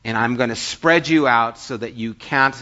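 A man voicing God addressing humanity in a grave, measured tone, dropping lower and softer than his preaching voice. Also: lightly acted. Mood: stern. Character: God speaking to humanity, stern and firm. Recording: dull lo-fi recording.

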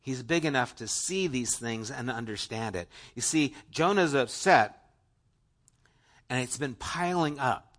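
A male pastor preaching an earnest, conversational sermon, talking straight to the congregation and swinging between emphatic lines and hushed asides. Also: mid-range voice, animated, a little slow.

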